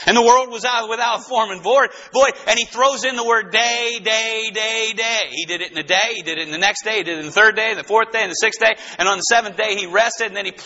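Fervent high-voiced preacher, sharp tone. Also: male voice, quick pace, few pauses, dull audio. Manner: fervent, excitable, bursts into shouts. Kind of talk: sermon.

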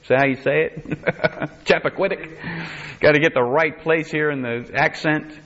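A male pastor preaches a sermon, working through scripture verse by verse and breaking in with wry asides. His voice is bright and forceful. The recording is dull and lo-fi, with the top end muffled. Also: fairly high pitch, steady tone, moderate pace.

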